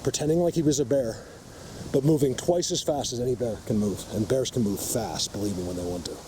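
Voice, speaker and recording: A man's voice: mid-range voice, a little fast. Insistent man filming outdoors in a forest. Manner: insistent, emphatic, talks straight to viewers. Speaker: vlogger, Bigfoot field researcher. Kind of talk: walk-and-talk field vlog. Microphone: camera mic while filming. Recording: outdoor ambience, noisy, faint vehicle.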